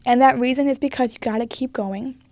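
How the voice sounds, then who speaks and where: A woman's voice: high-pitched, fairly even intonation, brisk, a little mellow, no room sound. A young woman hosting a solo podcast, giving an emphatic motivational pep talk and swearing freely. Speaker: podcast host.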